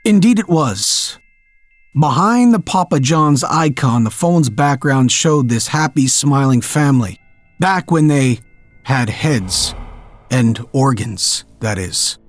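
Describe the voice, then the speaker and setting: A man narrates a horror tale in a slow, measured, darkly dramatic tone. His voice sits close and dry, with faint music underneath. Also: mid-range voice, expressive, no echo.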